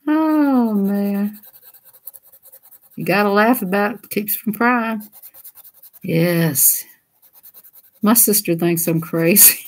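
A woman with a drawl chats away as she colors, giggling often. Her talk is playful and loose, and she keeps breaking into goofy voices. Her voice sits at an ordinary middle pitch for a woman. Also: slow pace, pauses often. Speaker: coloring channel host. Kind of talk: casual chat while coloring.

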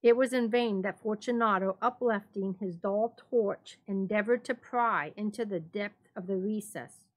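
A woman on library staff giving a dramatic reading of a classic horror tale, measured in the narration and quicker when quoting characters. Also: mid-range voice, low-quality recording.

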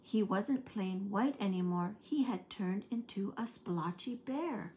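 Gentle woman reading a picture book aloud. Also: mid-range voice, slow pace, a little hiss or hum. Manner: gentle, expressive storybook reading. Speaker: early-years program storyteller.

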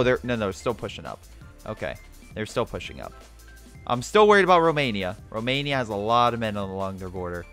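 A young man giving casual, sarcastic let's-play commentary on a strategy game, talking to the game as he plays. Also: medium pitch. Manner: excitable, sarcastic, talks to the game. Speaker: gameplay commentator.

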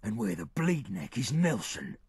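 An actor playing a gruff, suspicious gang leader in a video game, with a raspy, gravelly voice and a blunt, accusing way of talking. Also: male voice, fairly low pitch, big pitch swings, measured pace, darkish tone, no echo, clean studio sound, heavily acted. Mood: angry suspicion.

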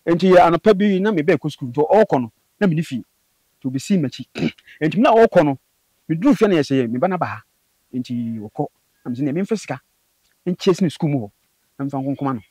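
A man recounting a personal spiritual experience as an interview guest, in animated storytelling that jumps into high bursts. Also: fairly quick, breathy edge, dry recording. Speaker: guest telling his story. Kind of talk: personal testimony in conversation.

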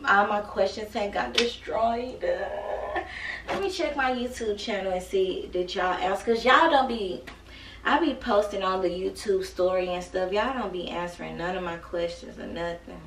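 A woman's voice: mid-range voice, moderate pace, fairly bright tone, reverberant, recorded from a distance, slight background noise. A woman with a sore throat chatting playfully with her viewers as a beauty vlogger, teasing and joking as she goes. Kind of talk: casual chat to viewers.

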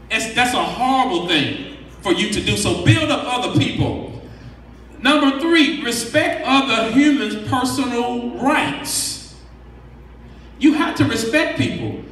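A man's voice: high-pitched, pushed and bright. A man giving an emphatic, preachy motivational talk to a workshop audience, counting off numbered points. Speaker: workshop speaker. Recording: echoey hall from far off.

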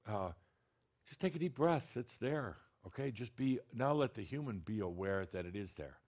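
A man's voice: medium pitch, expressive, normal speed, a little mellow. A man channeling a spiritual teacher, talking to an audience in a blunt, direct, teasing way with many restarts.

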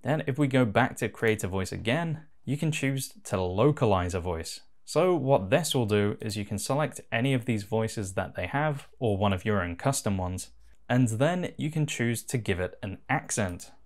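A man giving a relaxed, casual voice-over as he walks through a software tutorial. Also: on the low side, normal speed. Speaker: tutorial host.

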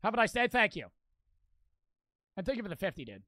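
Brief: young male streamer, raised-pitch voice, crude mocking rants, dry close mic. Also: sing-song, fast, dry recording. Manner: loud, profane, mocking rants. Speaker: streamer reacting to videos. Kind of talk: crude live-stream reaction commentary.

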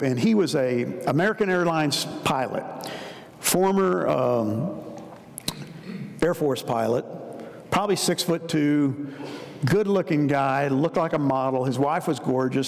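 Gravelly preacher in a reverberant church. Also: male voice, on the high side. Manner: conversational storytelling preacher, emphatic. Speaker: pastor. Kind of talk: sermon. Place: large church hall. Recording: long church hall reverb.

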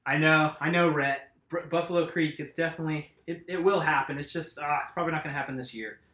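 A man chats casually with his live-stream viewers as he wrestles with a bike tire, laughing at his own struggles. His voice sits a little high. The room around him is echoey. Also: steady tone, fast talker, bright, forceful tone. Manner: chatty and self-laughing, talks to viewers while fixing a tire. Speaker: mountain bike video host. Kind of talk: casual live-stream chat while working.

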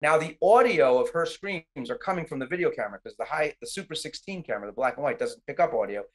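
A man's voice: a little high, quick pace. A middle-aged man casually recounting a film shoot in a podcast interview, acting out his own quotes with lots of "like". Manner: animated storyteller, acts out quotes, frequent "like".

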